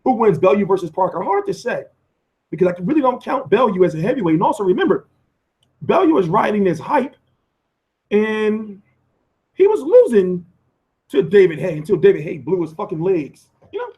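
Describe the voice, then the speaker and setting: An American man hosting a live boxing stream, answering viewer comments in a profane, animated rant with lots of restarts and repeats. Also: sits high, normal speed, dull audio. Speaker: boxing commentator and channel host.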